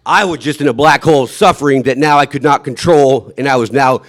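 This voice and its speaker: Speaking at medium pitch, a man recounts his own survival story haltingly and with emotion. He often trails off and starts again, and he acts out the shouts he made.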